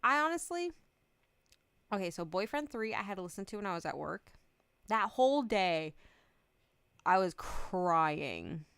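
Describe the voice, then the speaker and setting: A woman's voice: medium pitch, sing-song, measured pace, pauses often, fairly bright tone, clear, resonant tone, dry recording. A young adult woman streamer chatting casually, rambling, giggling often and swearing freely. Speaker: VTuber streamer.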